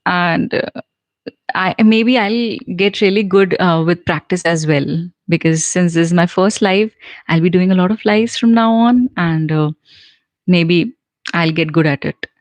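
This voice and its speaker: A woman's voice: lowish voice, measured pace, no room sound, poor audio. A woman with an Indian English accent, a native Hindi and Punjabi speaker, hosting a casual live stream as a spoken English teacher. She reads viewer comments aloud and answers them in an encouraging, chatty way, with lots of fillers and restarts.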